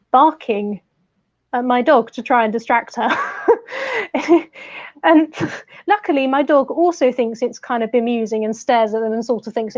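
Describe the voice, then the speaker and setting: Higher-voiced woman, laughing often. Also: darkish tone, lo-fi sound. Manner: light-hearted, laughs often, exasperated retellings. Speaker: co-host, service dog user. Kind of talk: casual chat.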